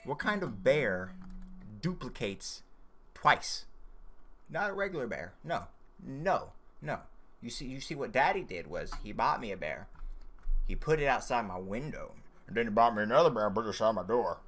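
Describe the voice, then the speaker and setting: A young man giving casual let's-play commentary, excitable, yelping and shouting at the game. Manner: reads instructions aloud fast in a high, mocking voice. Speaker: gaming YouTuber.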